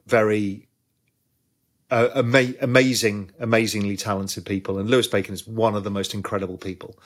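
A man with a husky, mid-range voice tells a story from his trading days. He talks fast, with plenty of asides. It sounds like an interview. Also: mid-range voice. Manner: animated anecdote-telling, quick asides. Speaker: guest, former trader.

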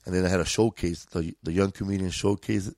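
Slangy, profane LA comedian. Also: male voice, deep voice, steady tone, a little fast, a little mellow, dry recording. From East Los Angeles. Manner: profane, laid-back, drawling street slang. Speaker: guest comedian. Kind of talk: casual storytelling.

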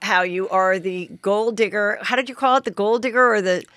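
A woman's voice: medium pitch, normal speed, fairly bright tone, dry recording, clean studio sound. A woman hosting a podcast, prompting her guest with questions. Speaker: podcast host. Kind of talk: interviewing.

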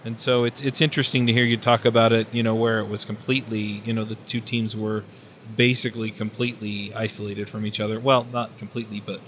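A man talking through his team experience on a tech podcast in a relaxed, thoughtful way, often pausing with fillers. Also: lowish voice, slight background noise. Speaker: podcast panelist. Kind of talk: casual technical discussion.

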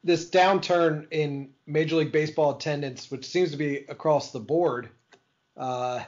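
A man with a somewhat high voice trading quick jokes in a podcast chat. He sounds teasing and relaxed, and the recording is dull and lo-fi. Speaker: podcast co-host. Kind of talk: casual chat.

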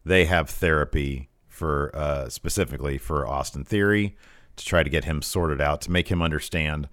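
Low-voiced man recapping in lively chat. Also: moderate pace, no room sound, clean studio sound. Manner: animated, jumps into high excited voices when quoting. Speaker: podcast co-host.

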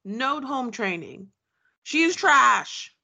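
A woman's voice: high voice, very animated, extremely slow, gravelly, sharp tone. A woman co-hosting a casual chat, giving blunt, sassy commentary. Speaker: podcast co-host.

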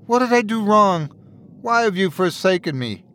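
A man's voice: sits high, expressive, normal speed, fairly bright tone, voice pushed up. A man doing a sobbing, pleading old man. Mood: desperate pleading. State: crying, pleading. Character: grieving old man begging a spirit.

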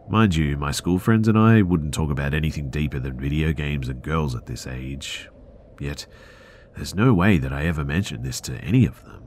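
A man narrating listener stories for a horror podcast in a measured, earnest storytelling way. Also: extremely low pitch, slight background noise.

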